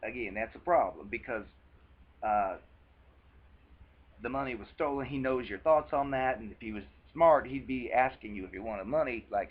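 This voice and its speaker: A man's voice: lowish voice, normal speed, highs cut off. A man with a country twang giving a rambling, earnest advice talk for a video. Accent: American country twang. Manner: rambling, earnest, with many restarts. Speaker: vlogger. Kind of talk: casual advice monologue.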